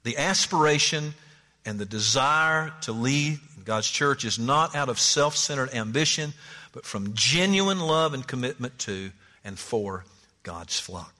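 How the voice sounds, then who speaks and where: A male pastor preaching a sermon, animated, rising and dropping his voice and acting out the people he quotes. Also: medium pitch, a little slow. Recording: long hall reverb.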